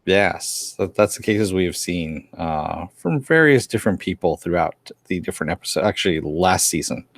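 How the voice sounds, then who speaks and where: A man's voice: deep voice, expressive, moderate pace, vocal fry, dry recording. A man co-hosting a casual review chat, retelling scenes and briefly acting out the characters' lines. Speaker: podcast co-host reviewing a TV episode.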